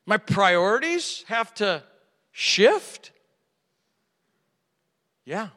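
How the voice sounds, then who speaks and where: Bright-voiced man preaching in a hall. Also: high-pitched, sing-song, extremely slow. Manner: dramatic, swings from hushed to loud, rhetorical questions. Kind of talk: sermon. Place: large hall with an audience. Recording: reverberant hall.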